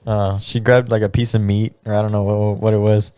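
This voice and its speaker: A man's voice: on the low side, little pitch movement, a little fast, a little mellow, clean tone. A podcast co-host, a man and mariachi musician, chatting casually, laughing often and rambling through stories with many fillers. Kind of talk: casual chat.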